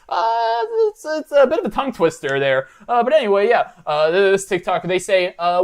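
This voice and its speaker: A man's voice: high voice, clean tone. A young man, a college student, rambling through a comedic reaction commentary with lots of fillers and restarts in a mock-earnest way. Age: young adult. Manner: mock-earnest, self-deprecating. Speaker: reaction video host.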